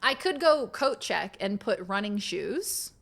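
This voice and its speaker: A woman's voice: medium pitch, sing-song, measured pace, gravelly, fairly bright tone. A young adult woman streaming a game, chatting casually with viewers, thinking aloud, laughing often and swearing now and then. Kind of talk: casual live-stream chat while gaming.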